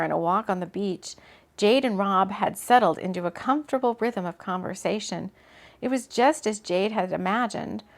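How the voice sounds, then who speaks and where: A woman, an author, reading her own book aloud in a relaxed way, breaking off for casual asides. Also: mid-range voice, gravelly. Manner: chatty, laughs at her own slips and comments mid-reading.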